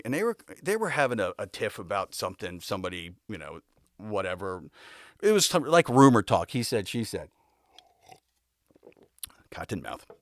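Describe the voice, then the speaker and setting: Laughing storyteller man, lively pitch. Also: dry recording, clean studio sound. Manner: rambling, laughing anecdotes with acted-out quotes. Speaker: podcast host. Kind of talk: casual storytelling.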